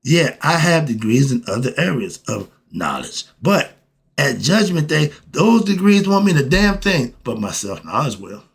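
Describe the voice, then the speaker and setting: A man's voice: medium pitch, sing-song, measured pace, vocal fry, breathy edge. A man giving a blunt, emphatic spiritual monologue in casual slang, asking questions and answering them himself. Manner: emphatic, asks and answers his own questions; colloquial, blunt. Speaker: host.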